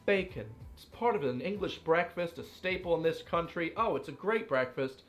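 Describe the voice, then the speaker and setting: A man's voice: a little high, expressive, moderate pace, a bit bright. A young American man living abroad, giving playful, exaggerated complaints in a comedic vlog. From United States.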